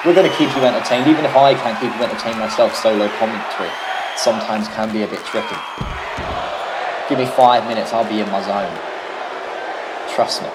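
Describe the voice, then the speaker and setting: British man, solo video game wrestling commentary, mid pitch, rambling, swears a lot, jokey, noisy background.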